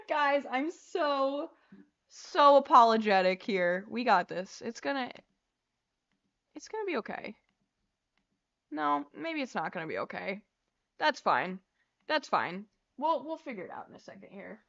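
A woman's voice: fairly high pitch, lively intonation, a little slow, gravelly, long pauses, a bit bright. A young woman hosting a casual livestream, flustered and laughing as she swears through tech trouble. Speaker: livestream host. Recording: lo-fi stream audio.

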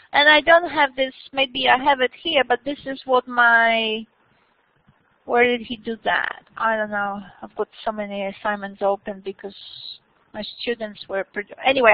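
A woman university lecturer talking to her students in an informal, animated way, with many restarts and questions put to the class. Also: a little high, no echo, dull audio.

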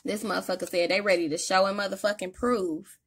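A woman's voice: medium pitch, steady tone, a little fast, breathy edge. A woman giving a casual tarot reading, talking in an emphatic, slangy, profane way. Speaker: tarot reader.

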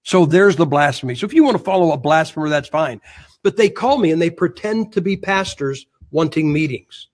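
A man speaking as a guest on a religious talk show, combative and mocking, with a husky voice. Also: on the high side, animated, a little fast. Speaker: guest preacher.

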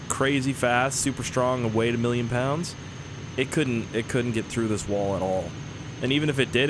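A man's voice: medium pitch, background noise. A young man with a cold doing rambling, jokey gameplay commentary as a video host, coughing now and then.

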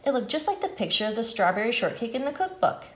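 A woman reads a picture book aloud to children in an animated, sing-song way. Her pitch rises and falls widely as she narrates, then asks the kids questions. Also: quick pace, reverberant. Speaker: nutrition educator.

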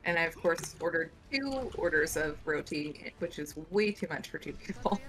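A woman's voice: sits low, expressive, normal speed, a bit bright. A woman streaming a team game live, chatting casually with friends and talking while she eats. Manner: chatty, talks while eating. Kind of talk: casual gaming chat.

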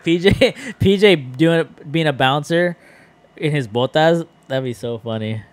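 A man's voice: a little high, unhurried, no room sound. A man co-hosting a podcast in casual chat, teasing his friends with slangy, joking banter. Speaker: podcast co-host.

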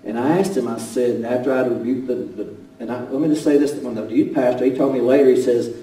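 Pastor in a roomy church, warm-voiced. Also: male voice, medium pitch, a little fast, slight background noise. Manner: animated, rising to shouts then dropping to hushed storytelling. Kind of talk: sermon storytelling. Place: church sanctuary. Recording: roomy church sound from a distance.

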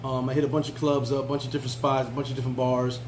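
A man's voice: mid-range voice, flat delivery, rapid-fire, a little mellow, slight background noise, low-quality recording. A man telling a travel story in a casual, laid-back way, full of fillers and restarts. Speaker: travel vlogger.

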